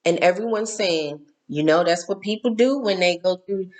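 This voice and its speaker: A woman's voice: on the low side, normal speed, a little mellow. A middle-aged woman hosting a casual spiritual talk, candid and emphatic, repeating herself and cursing now and then.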